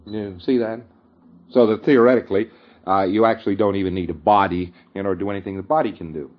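A man's voice: fairly low pitch, steady tone, fast, highs cut off. A man giving an informal lecture, often chuckling and checking that his listeners follow him. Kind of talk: conversational lecture.

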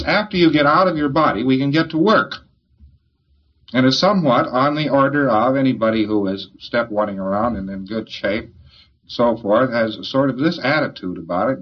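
A man's voice: mid-range voice, breathy edge. A man giving an informal lecture in a folksy, joking, rambling way, on a dull old tape recording.

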